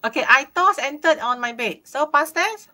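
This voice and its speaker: A woman's voice: sits high, expressive, moderate pace, sharp tone. A woman with a Malaysian English accent teaching a live online English lesson, encouraging students and explaining grammar step by step.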